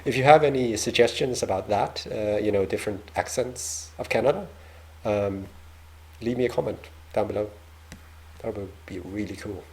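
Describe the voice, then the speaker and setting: A man's voice: fairly low pitch, moderate pace, a little mellow. A young Danish man with a Danish accent hosts a reaction video, chatting in a hesitant, self-deprecating way with lots of fillers. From Denmark. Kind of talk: casual reaction commentary.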